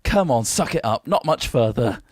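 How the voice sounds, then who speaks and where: A man doing a gruff low-voiced soldier. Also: big pitch swings, moderate pace, dry recording, clean studio sound. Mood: blunt. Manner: low grumbling, blunt. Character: gruff weary male fellow soldier. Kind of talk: hobby script read-through.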